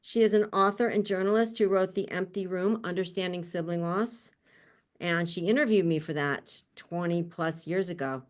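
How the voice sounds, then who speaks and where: A lower-pitched woman hosts a panel on a video call, introducing the speakers as conference host. Her casual introductions are upbeat and chatty, and she laughs often.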